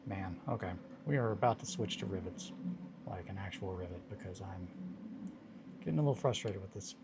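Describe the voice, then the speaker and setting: A man's voice: low-pitched, brisk, vocal fry, very noisy. A man hosting a casual hobby livestream, talking to himself and coaxing tiny parts into place as he builds miniatures. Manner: mutters and coaxes at fiddly parts, self-talking.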